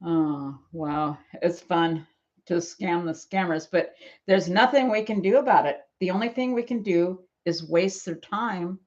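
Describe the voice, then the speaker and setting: A woman's voice: on the low side, measured pace, a little mellow, lo-fi sound. A woman of seventy, chatting on her live stream from home, who rambles, laughs often and acts out what others said. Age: 70s. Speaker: channel host. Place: at home in bed.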